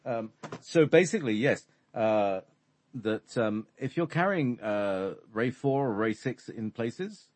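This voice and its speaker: A man explaining spiritual ideas in conversation, halting and full of fillers. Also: medium pitch, expressive, darkish tone, no room sound. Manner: hesitant, halting, many fillers. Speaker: spiritual teacher.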